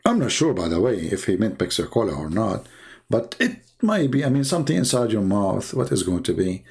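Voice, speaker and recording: A man's voice: on the low side, sing-song, brisk, vocal fry, darkish tone. A man whose first language is Arabic, speaking English with an Arabic accent in sarcastic, mocking commentary full of fillers and restarts. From Arab world. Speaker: host. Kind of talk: mocking live-stream commentary.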